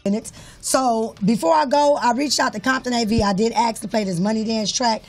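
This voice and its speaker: A radio host casually giving shout-outs and closing the show. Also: mid-range voice, steady tone, fairly quick, soft background music.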